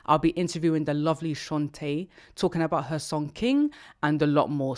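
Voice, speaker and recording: A woman's voice: deep voice, brisk, few pauses, darkish tone. A woman hosting a casual music podcast, playful and bubbly, laughing often. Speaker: podcast host. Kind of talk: casual interview chat.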